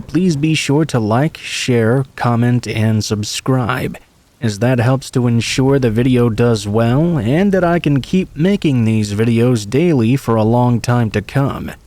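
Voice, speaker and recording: A man's voice: mid-range voice, a little slow, a little mellow, no room sound. A man hosting a channel, reading true scary stories aloud in a casual, friendly delivery. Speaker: host and story narrator.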